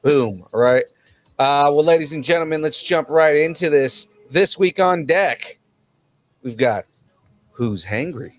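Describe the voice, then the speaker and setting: A man hosting a casual pop culture podcast, relaxed and jokey, with fillers and restarts. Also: fairly high pitch, unhurried, no room sound. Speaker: podcast host. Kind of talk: casual chat and show hosting.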